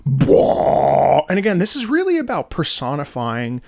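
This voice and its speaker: A man giving a casual, excitable breakdown of game music, singing melody lines in scat syllables with chatty fillers. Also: a little high, a little fast, no room sound, studio quality. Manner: profane asides, chatty fillers. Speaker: video game music analyst.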